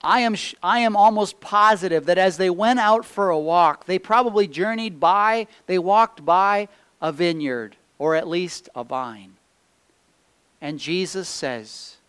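A man preaching a sermon, reading scripture aloud and swinging between loud emphatic peaks and hushed low phrases. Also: clean tone. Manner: slow, deliberate delivery reading scripture aloud.

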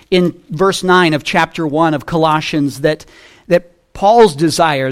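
A middle-aged man preaching from the pulpit at a slow, deliberate pace. His voice sits fairly high for a man, rising into loud, emphatic repetitions and then dropping to quiet, low asides. He reads scripture in a measured, old-fashioned cadence. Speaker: pastor. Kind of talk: sermon.

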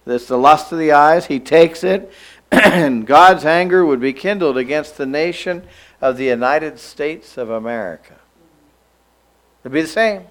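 A man preaching a sermon in a church, emphatic, slowing down to stress key lines and having the listeners repeat phrases after him. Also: fairly high pitch, fairly bright tone, poor audio.

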